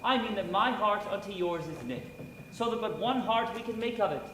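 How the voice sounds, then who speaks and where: An ardent young lover, played by a young man declaims verse earnestly in a high voice. The recording is distant and roomy, with long reverb and faint noise. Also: lively intonation, brisk, a bit bright. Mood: tender. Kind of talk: stage acting of verse. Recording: echoey hall from far off, with noise.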